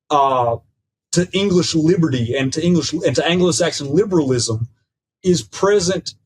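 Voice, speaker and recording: A man speaking as a podcast guest and professor, in a measured, lecturing way that mixes academic phrasing with folksy "ain't" and frequent "right?" checks. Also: a little high, slightly rough, rough recording. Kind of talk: conversational lecture.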